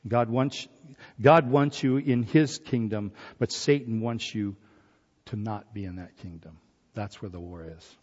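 A man's voice: on the low side, measured pace. Preacher guy, fired up sermon, kinda muffled, echoey hall. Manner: animated, acts out biblical voices. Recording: dull recording in a hall.

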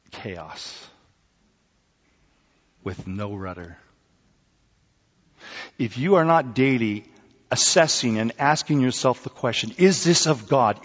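A middle-aged man delivers a sermon with dramatic swings from loud cries to hushed near-whispers, sprinkling in joking asides. His voice sits at an ordinary pitch for a man. It rings through a big church hall with a long echo, and the sound is somewhat dull. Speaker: preacher.

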